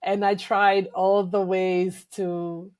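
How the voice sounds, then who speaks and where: A woman's voice: medium pitch, flat delivery, takes it slowly, darkish tone. Reflective woman. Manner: reflective, emotional, hesitant with fillers. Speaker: guest. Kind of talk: candid personal interview.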